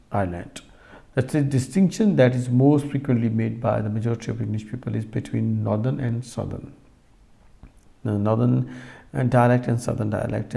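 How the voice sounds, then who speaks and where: A man lectures students in a recording, his medium-pitched voice mellow with some vocal fry. He talks straight to the class and explains things slowly, often restarting and using fillers.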